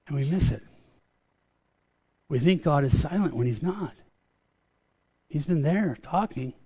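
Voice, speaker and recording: A middle-aged male pastor delivers a sermon in a slightly high voice. He preaches in a loose, conversational way, doubling back on words and restarting his sentences as he goes. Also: lively intonation, unhurried, warm tone, slightly rough. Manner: calls his preaching a rant.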